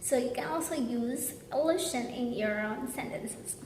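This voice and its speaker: Woman teaching pronunciation in an echoey room. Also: high-pitched. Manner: earnest, slow demonstrating of example words. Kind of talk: casual pronunciation lesson. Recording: echoey room with faint background hum.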